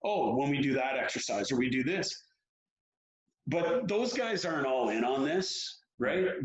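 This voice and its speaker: Man, hockey coach, frank animated interview talk, higher pitch, echoey dull recording. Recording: roomy, dull lo-fi sound.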